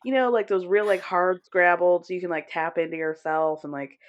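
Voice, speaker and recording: Low-voiced woman with lo-fi sound. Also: fairly even intonation, normal speed. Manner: chatty, many "like" fillers, mock-quoting. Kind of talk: casual chat recapping a TV show.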